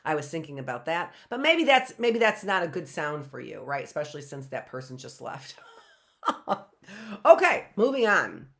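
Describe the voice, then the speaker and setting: A middle-aged woman teaching a live online phonics lesson, patiently asking questions and slowly sounding words out. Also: low-pitched, expressive, a bit bright.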